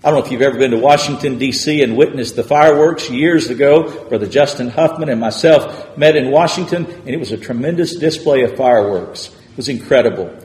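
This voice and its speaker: A man's voice: mid-range voice, a little fast, few pauses, a little mellow. A man preaching a sermon, retelling a scripture story dramatically and repeating words as he builds. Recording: echoey hall reverb.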